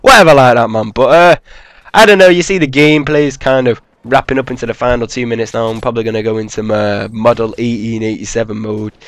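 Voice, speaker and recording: A man's voice: mid-range voice, steady tone, quick pace, fairly bright tone, no echo. A man giving rambling, casual commentary over gameplay footage, swearing freely and filling gaps with "man" and "I don't know". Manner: rambling, profane, laid-back, with many fillers.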